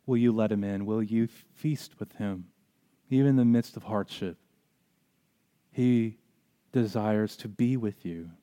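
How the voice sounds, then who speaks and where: A man preaching a sermon as pastor, earnest, often repeating words and rising in pitch and volume when he stresses a point, then closing in prayer. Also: unhurried, long pauses, warm tone, clean tone.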